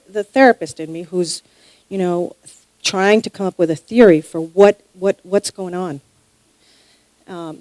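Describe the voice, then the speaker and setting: A woman from New York doing a stand-up set. She talks haltingly, repeating herself and restarting her sentences. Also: medium pitch, a little mellow, no echo, low-quality recording. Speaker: stand-up comic. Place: stage before a live audience.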